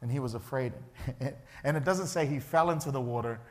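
A man's voice: mid-range voice, moderate pace. A male pastor, preaching a sermon in a church and acting out the people in his story. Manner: animated, acts out the characters' voices.

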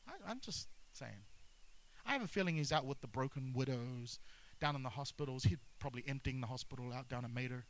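A man's voice: mid-range voice, brisk, poor audio. A man preaching a sermon as pastor, emphatic, repeating key phrases and mixing humor with intensity.

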